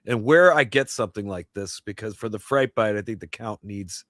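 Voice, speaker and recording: A man's voice: fairly low pitch, a little fast, fairly bright tone, dry recording, studio quality. A man hosting a podcast, asking questions in an enthusiastic, conversational way. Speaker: podcast host. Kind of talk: casual interview.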